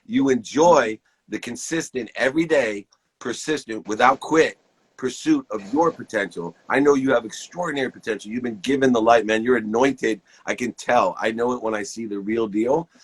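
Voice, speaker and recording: A man's voice: medium pitch, normal speed, slightly rough. A man in his fifties giving an enthusiastic, preachy pep talk to viewers on a live stream, hosting it from his phone. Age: 50s.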